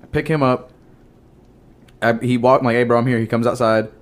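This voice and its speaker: A young man, a podcast co-host, telling a profane, animated story in casual chat and acting out the quotes. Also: mid-range voice, brisk.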